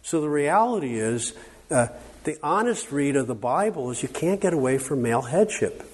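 A man with a fairly high, sing-song, husky voice talks at a normal speed while giving a workshop lecture at a conference. He's conversational and emphatic, often checking in with the audience by asking "okay?"

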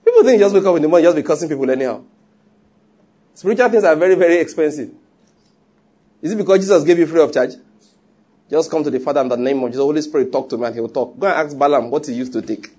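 A man's voice: a little high, very fast, pauses often, mellow, husky. A man preaching a sermon, emphatic and teasing, often repeating his points. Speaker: pastor.

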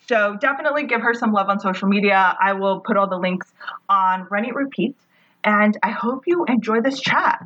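A woman's voice: on the high side, fairly bright tone, poor audio. A woman hosting a podcast, talking in a bubbly, gushing, chatty way. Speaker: podcast host. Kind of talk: casual podcast intro.

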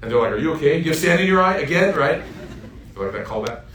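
A man's voice: a little high, lively intonation, fast talker, fairly bright tone, slight background noise. A man in his thirties giving a heartfelt sermon as an Islamic preacher, telling stories and building to emphatic peaks. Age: 30s. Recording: roomy echo.

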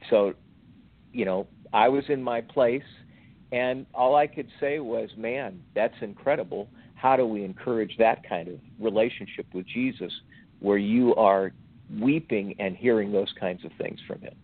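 A man in his sixties, a guest on a faith podcast, telling a personal story in a slow, reflective, halting way. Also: on the low side. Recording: tinny phone-like audio.

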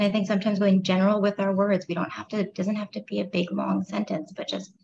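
An animated woman coach talks as a podcast guest, slipping into little acted-out scenes. Her audio sounds a bit dull and muffled. A faint noise hums behind her. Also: mid-range voice, quick pace, vocal fry, few pauses. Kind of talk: podcast interview.

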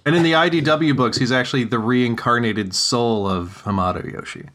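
A man's voice: mid-range voice, moderate pace, a bit bright, slight background noise. A man co-hosting a podcast, chatting casually and chuckling along. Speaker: podcast co-host. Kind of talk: casual chat.

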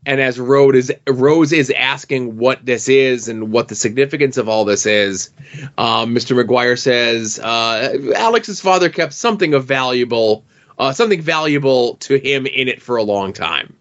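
A man on a podcast unpacks comic panel art in a thoughtful, halting way, with a mid-range voice. The audio is muffled and lo-fi. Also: medium pitch, a bit bright. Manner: thoughtful, hesitant, many fillers. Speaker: podcast co-host. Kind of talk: casual comic book analysis.

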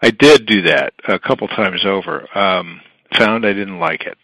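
A man's voice: low voice, normal speed, bright, forceful tone, no echo, rough recording. A man, a guest on a radio talk show, speaking casually and rambling with many fillers and restarts. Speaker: guest, entertainment manager.

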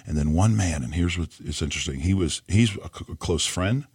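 A man who is a pastor, telling an emotional story on a podcast, earnest and pausing often. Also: low voice, slightly rough, no room sound, clean studio sound. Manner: earnest, emotional retelling with pauses.

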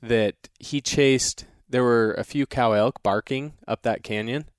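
A podcast guest named Hunter tells a long story in a rambling, casual way, restarting often and drawing the retelling out. His voice is medium-pitched, clear and resonant, recorded with studio quality and no room sound.

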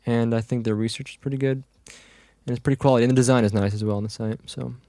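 A young man co-hosting a podcast in casual chat, joking and quick to chime in. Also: mid-range voice, steady tone, dark tone, no echo, studio quality. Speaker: podcast co-host.

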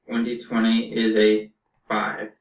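A man's voice: on the low side, completely flat delivery, slow. Hesitant tabletop player, man, far from the mic, muffled, roomy. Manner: hesitant, searching for words. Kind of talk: tabletop game chat. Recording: distant, echoey, dull sound.

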